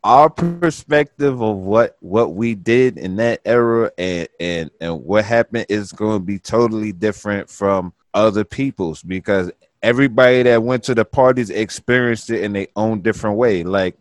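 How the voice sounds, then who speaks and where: A man's voice: fairly low pitch, moderate pace, hardly any pauses, no echo. A man in his thirties, once a party promoter, reminiscing in casual chat, laid-back and drawn out, saying "listen, man" often.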